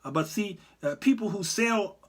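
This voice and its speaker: A man's voice: high-pitched, animated, moderate pace. A middle-aged man hosting an online talk show, chatting casually, laughing often and mimicking people as he comments. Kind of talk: casual commentary show reading live chat.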